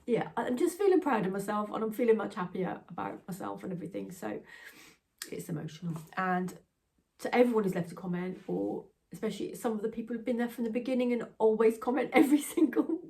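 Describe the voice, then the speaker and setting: A woman's voice: mid-range voice, fast, gravelly, a little mellow, far from the mic. Rambling, laughing English woman, a bit off-mic. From England. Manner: rambling, self-deprecating, laughs often. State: tearful, emotional. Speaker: craft channel host. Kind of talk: casual chatty vlog.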